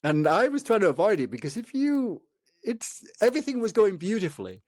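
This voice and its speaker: Guest, male, 50s: animated storyteller who voices each side of the dialogue, slightly high voice, dry sound. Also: fairly quick, no room sound. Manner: animated storyteller, acts out dialogue with lively pitch jumps. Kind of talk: casual storytelling in a conversation.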